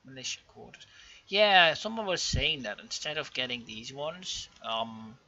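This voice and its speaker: A young man giving casual, rambling commentary over a strategy game, full of ums and self-corrections, with excitable outbursts. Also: medium pitch, measured pace. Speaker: gaming channel host. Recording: dull lo-fi home mic.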